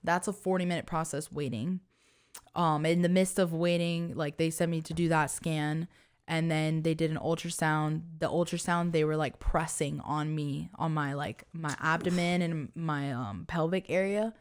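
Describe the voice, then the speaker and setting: A woman's voice: fairly even intonation, normal speed, smooth. A young woman co-hosting a podcast, telling a personal story in casual chat with lots of fillers and an earnest tone. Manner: earnest, many fillers, soft low-voiced reliving of fear. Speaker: podcast co-host.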